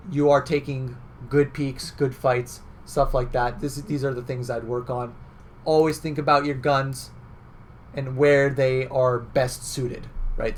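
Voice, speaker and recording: Give me a young man coaching a player through a replay, casual and talky with a faint background hum. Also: mid-range voice. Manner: conversational, filler-heavy, repeats "right?". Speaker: game coach.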